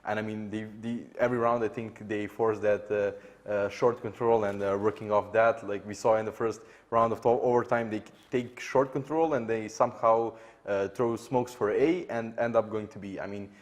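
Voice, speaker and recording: A man with a Serbian accent, a native Serbian speaker, giving esports analysis in an animated retelling full of fillers. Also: fairly low pitch, moderate pace. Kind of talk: studio analysis chat.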